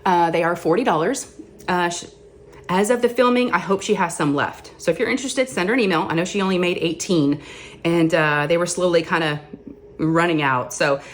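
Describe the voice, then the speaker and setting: A woman's voice: fairly low pitch, slight background noise. A woman chatting casually as host of a crafting vlog, rambling and self-deprecating.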